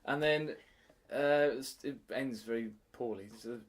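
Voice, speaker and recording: A man's voice: medium pitch, measured pace. A man, a teacher and podcast co-host, telling a funny story in casual chat and laughing often as he acts out voices.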